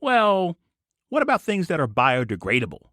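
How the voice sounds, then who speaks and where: A man hosting his own podcast, delivering an opinionated solo monologue in a sarcastic, ranting way that jumps to a higher voice when he gets worked up. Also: moderate pace, no echo, clean studio sound. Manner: animated, sarcastic ranting with sudden jumps in pitch. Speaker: podcast host.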